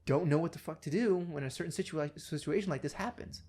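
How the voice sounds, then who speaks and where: A young man co-hosting a podcast, telling stories in a casual, profane and animated way. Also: a little high, fast, slight background noise. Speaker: podcast co-host. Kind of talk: casual chat.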